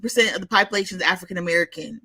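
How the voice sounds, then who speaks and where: A woman co-hosting a podcast in a casual chat, telling lively stories and acting out the voices she quotes. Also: on the low side, very fast, breathy edge. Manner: animated storyteller who acts out quoted voices. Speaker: podcast co-host.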